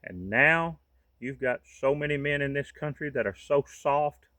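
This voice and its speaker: A man's voice: mid-range voice, a little slow, bright, forceful tone, no echo. A man, from the United States, giving a fervent, folksy monologue to camera as a vlogger.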